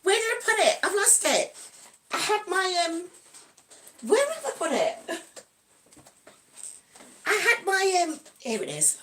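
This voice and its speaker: Giggly high-voiced woman in her 60s. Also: sing-song, a little slow, pauses often, a bit bright, slight background noise. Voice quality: giggly, breaks into snatches of song. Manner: chatty and cheerful, greets viewers by name. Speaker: live-stream host. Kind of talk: casual live-stream chat.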